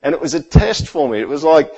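Conversational pastor preaching. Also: male voice, a little high, big pitch swings, quick pace, husky, dull audio. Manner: conversational preaching, rhetorical questions, drops to quiet intensity. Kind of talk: sermon.

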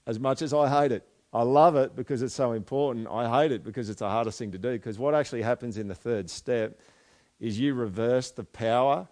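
A male pastor delivers a sermon in a relaxed, chatty way. He slips into animated voices when acting out quoted apologies. His voice sits at a middle pitch for a man. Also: moderate pace.

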